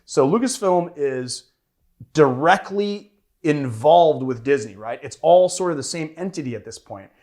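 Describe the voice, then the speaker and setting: A man's voice: a little high, lively intonation, measured pace, darkish tone. A man hosting a cocktail show in casual chat, playfully teasing his co-host.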